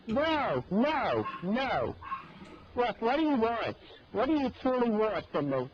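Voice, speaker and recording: Very high slow voiced guy pleading and yelling, muffled old call audio. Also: very animated. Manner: pleading, agitated, bursts into shouting. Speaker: caller in an archived recording. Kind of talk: recorded call. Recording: muffled old call recording, faint hiss.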